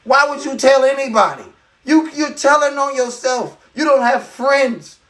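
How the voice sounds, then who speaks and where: A man hosting a live podcast, delivering an animated, profane comedic rant full of incredulous asides. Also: very high-pitched, moderate pace, far from the mic. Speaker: podcast host.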